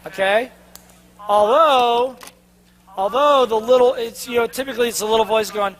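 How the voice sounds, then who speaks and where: A man in a live sales seminar, a trainer who keeps throwing quick questions at his audience and making them answer back. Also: very high voice. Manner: energetic, call-and-response questions to the crowd; drops to a mocking tone for the inner doubting voice.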